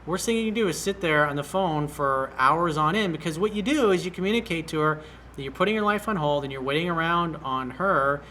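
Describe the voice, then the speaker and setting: Man, dating coach, blunt, direct, forceful, reading and answering an email. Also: fairly high pitch, brisk, a little hiss or hum. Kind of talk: commenting on a viewer's email.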